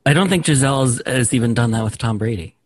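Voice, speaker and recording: A man's voice: medium pitch, quick pace, dry recording. A man hosting a casual interview who stumbles a little as he works his way into questions. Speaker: interview host.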